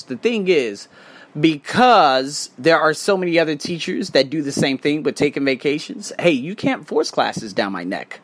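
A man's voice: a little high, moderate pace. A young American man with a casual, slangy, profane delivery, hosting a podcast monologue about his work as a teacher abroad. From United States. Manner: animated, profane, street slang. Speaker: podcast host.

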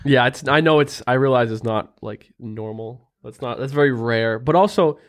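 A man's voice: mid-range voice, normal speed. A young man co-hosting a podcast, chatting casually and telling rambling stories full of fillers. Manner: rambling storyteller, lots of "like" fillers. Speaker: podcast co-host. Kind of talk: casual chat.

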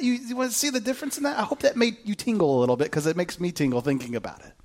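Conversational pastor, higher-pitched man. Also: racing, few pauses. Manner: conversational preacher, swings between quiet asides and emphatic highs. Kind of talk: sermon.

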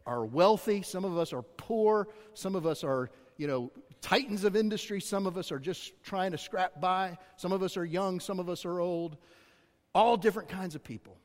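A man preaching a sermon as pastor, speaking conversationally with self-deprecating asides to his congregation. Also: high-pitched. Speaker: executive pastor. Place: church auditorium. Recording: long hall reverb.

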